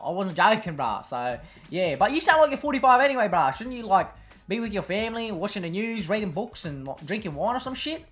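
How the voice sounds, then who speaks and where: Brief: male actor as a brash teen Aussie gamer, high-pitched, sing-song taunting. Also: big pitch swings, brisk, fairly bright tone. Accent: Australian. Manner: brash, slangy, mocking. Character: cocky teenage male Aussie gamer lad. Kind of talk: comedy sketch over game voice chat.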